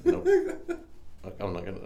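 A man's voice: moderate pace, warm tone. A young man on a comedy podcast, swearing freely, laughing often and slipping into mock Cockney phrases. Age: young adult. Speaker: podcast co-host. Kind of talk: crude comedic podcast banter.

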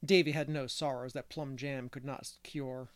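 A man reading a classic novel aloud as narrator, measured and unhurried. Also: medium pitch, fairly even intonation, no echo. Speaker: audiobook reader. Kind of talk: scripted narration.

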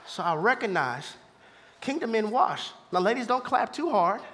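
A man preaching a sermon to a live church congregation, moving from hushed asides to shouted peaks and laughing along with the crowd. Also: sits high, very animated, moderate pace, background noise. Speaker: pastor.

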